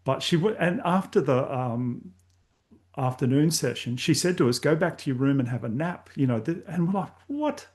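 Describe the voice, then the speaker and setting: A man's voice: mid-range voice, moderate pace, a little mellow. An older Australian man telling candid, rambling personal stories as an interview guest. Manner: candid, rambling anecdotes with many fillers. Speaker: podcast host guest. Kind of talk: casual storytelling interview.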